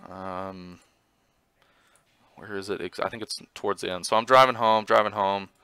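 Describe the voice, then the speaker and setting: A man casually commenting on his own motorcycle footage, rambling with lots of fillers and getting excited as he retells it. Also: fairly low pitch, normal speed, smooth, no room sound. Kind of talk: casual commentary over video.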